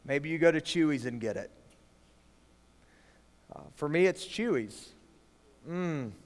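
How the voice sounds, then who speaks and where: A man preaching to students as youth pastor, swinging from hushed lines to loud, emphatic ones. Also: on the high side, lively intonation, slow. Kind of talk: sermon to students. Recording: long reverb of a large hall.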